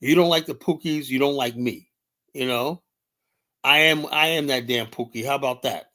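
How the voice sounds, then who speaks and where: A man hosts a solo livestream, talking in an emphatic, heated way. He swears freely and fills his sentences with "you know". His voice sits at an ordinary pitch for a man. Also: moderate pace, bright, forceful tone. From United States. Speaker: livestream host.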